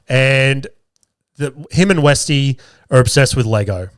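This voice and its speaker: A man in his thirties with an Australian accent, hosting a podcast and telling stories in a casual, animated way, full of swearing and laughs. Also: mid-range voice, unhurried, clear, resonant tone, no room sound, clean studio sound. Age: 30s. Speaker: podcast host. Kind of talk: casual storytelling. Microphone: camera with podcast mic.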